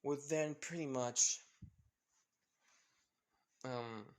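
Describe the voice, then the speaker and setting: A man's voice: mid-range voice, very slow. A man casually telling a fan-fiction story, rambling and often correcting himself with fillers.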